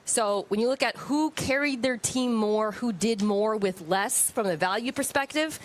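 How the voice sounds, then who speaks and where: A woman football analyst making a measured, point-by-point case built on statistics. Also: on the high side. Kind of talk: broadcast sports analysis.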